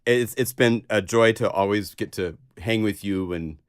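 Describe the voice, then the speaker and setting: Host type: low-voiced guy, easygoing, laughs a lot, video-call sound. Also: moderate pace, clean tone. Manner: chatty, laughs often, excitable. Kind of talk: casual livestream chat.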